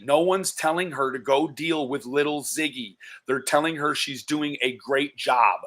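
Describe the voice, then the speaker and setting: A man doing live-stream commentary, exasperated and swearing, with slow, disbelieving exclamations. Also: on the high side, a bit bright.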